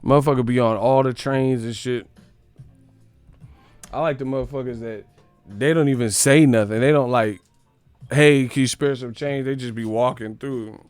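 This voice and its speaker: A man from the Bay Area hosting a sports live stream, ranting in a profane, animated, comedic way and laughing often. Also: mid-range voice, normal speed, clean tone, dry recording, soft background music. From San Francisco Bay Area.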